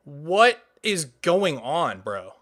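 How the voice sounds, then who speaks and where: A man's voice: high-pitched, sing-song, takes it slowly, pushed and bright. A man streaming a building game, exasperated, asking what happened and repeating "dude" and "bro". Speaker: Minecraft streamer. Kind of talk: frustrated gameplay commentary.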